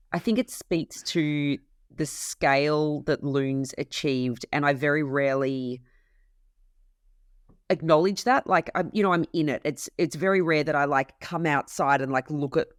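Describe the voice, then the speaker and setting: A woman's voice: low-pitched, a little slow, no room sound, clean studio sound. A woman pastry chef, a podcast guest, who tells a story with animation, acting out the dialogue and laughing as she goes. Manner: animated, acts out quoted dialogue, laughs while telling. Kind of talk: conversational storytelling.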